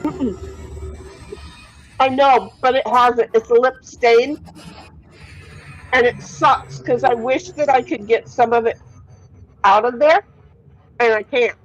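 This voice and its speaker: Woman host, casual stream chatter, higher voice, dry lo-fi mic, reads chat, swears. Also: takes it slowly, pauses often, dry recording. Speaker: livestream host. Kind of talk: casual chat reading viewer comments.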